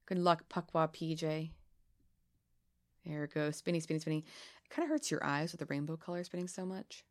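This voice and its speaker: A woman co-hosting a casual podcast, reading spooky legends aloud in a playful, giggly way with dramatic pauses. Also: deep voice. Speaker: podcast co-host.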